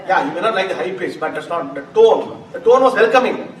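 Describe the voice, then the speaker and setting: A man teaching a live chanting class, animated and laughing often as he acts out examples. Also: high voice, fairly quick. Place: classroom hall. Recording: roomy, distant mic, noisy.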